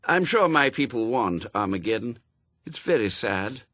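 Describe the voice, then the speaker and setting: A man reading a storybook, voicing a fussy, kindly male angel in a quick, eager manner. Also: mid-range voice, big pitch swings, sharp tone, no echo. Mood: sad.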